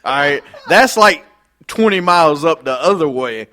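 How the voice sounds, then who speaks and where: A man's voice: a little high, moderate pace. A man from North Carolina with a slight Southern twang, co-hosting a casual wrestling chat and making emphatic points. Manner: emphatic, lively, laughing protests. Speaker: podcast co-host.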